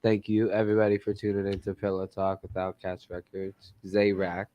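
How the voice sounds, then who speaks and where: A man's voice: low-pitched, completely flat delivery, moderate pace, highs cut off, a little hiss or hum. A man hosting a podcast, laid-back, telling dad jokes and signing off the show. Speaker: podcast host. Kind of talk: casual chat.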